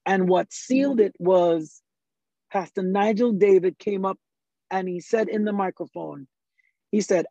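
A man who leads worship tells stories in a lively, fast way and often quotes himself in asides. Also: high voice, no room sound. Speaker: worship leader. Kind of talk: conversational storytelling. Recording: slightly dull, dry recording.

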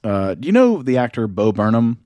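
A man's voice: mid-range voice, sing-song, fairly quick, dark tone, dry recording. A man co-hosting a podcast in casual chat, rambling with plenty of fillers and restarts. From Southern United States. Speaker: podcast co-host.

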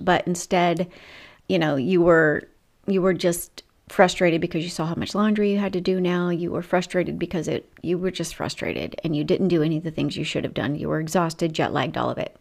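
A woman's voice: lowish voice, fairly even intonation, fairly quick, vocal fry. A middle-aged woman hosting a faith-based weight loss coaching show, earnest and emotional, with frequent asides. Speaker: Christian weight loss coach and podcast host.

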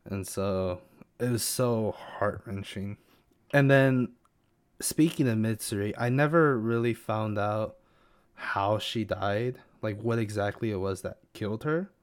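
A man co-hosts a relaxed conversation and eagerly walks through events, scattering "like" through his sentences in an easygoing voice. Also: lowish voice, unhurried, smooth. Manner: eager retelling, peppered with "like". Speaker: podcast co-host. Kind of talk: casual chat about an anime series.

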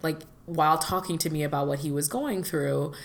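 A woman with a low voice speaks in a loose, rambling way as a podcast co-host. She fills her sentences with "like" and "you know" and often slides into laughter. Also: fairly even intonation, a little fast, creaky. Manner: chatty, many fillers, laughs often. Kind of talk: casual conversation.

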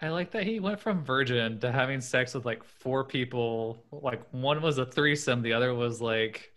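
Male podcast host, mid-pitch, relaxed chatty delivery, reads stories aloud. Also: normal speed. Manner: casual, filler-heavy, laughs often. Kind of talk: casual chat, reading stories aloud.

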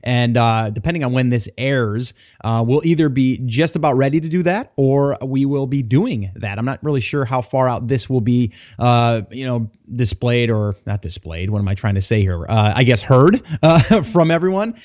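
A man's voice: mid-range voice, lively intonation, normal speed, hardly any pauses, darkish tone. A man hosting a podcast, talking in an enthusiastic, rambling way with lots of fillers. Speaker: podcast host. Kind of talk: casual podcast chat.

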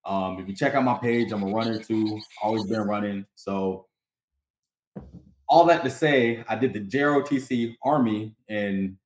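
A man's voice: on the low side, moderate pace. Chatty man in an echoey room. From North Carolina. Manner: animated storyteller, acts out voices, laughs often. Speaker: podcast host. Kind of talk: casual chat.

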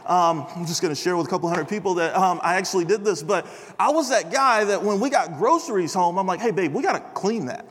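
A young man delivers a casual, story-driven sermon to a large chapel crowd, leaning on dude and bro as he talks. His voice sits high, and a long hall reverb trails behind every phrase. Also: fast talker, slight background noise. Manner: chatty, animated, says bro and dude. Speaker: chapel speaker. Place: large chapel before an audience.

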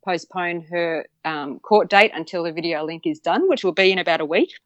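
A woman recounts a personal fight in blunt, heartfelt storytelling, with plenty of swearing and repetition for emphasis. Her voice sits a little low. The recording is dry and slightly dull. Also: animated, normal speed, no echo. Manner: candid, swears freely, repeats herself for emphasis. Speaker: guest campaigner.

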